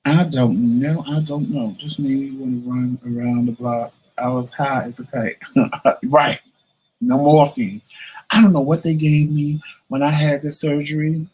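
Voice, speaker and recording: A male vlogger speaks in an unhurried, mid-range voice with a breathy edge. He's telling the camera a personal anecdote in an easygoing, animated manner, imitating the people in it. The audio is low quality.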